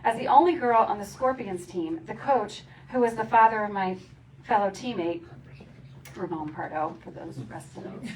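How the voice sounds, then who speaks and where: Her voice is medium in pitch, a little mellow and moderately paced as she reads her own memoir aloud at a community celebration. The woman, from around Philadelphia, plays up the funny parts and laughs often, and the distant mic picks up faint ambient sound.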